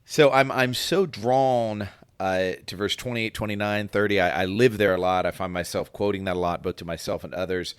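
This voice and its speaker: A man's voice: fairly low pitch, fairly even intonation, moderate pace, clear, resonant tone, no echo. A man co-hosting a casual faith podcast, talking things through reflectively and acting out quoted voices as he goes. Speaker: podcast co-host.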